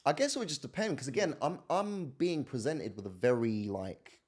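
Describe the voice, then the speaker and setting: Laid-back guy, lively pitch. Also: moderate pace, slightly rough. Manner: laid-back slangy storytelling, acts out relatives' voices. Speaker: podcast guest. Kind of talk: casual podcast chat.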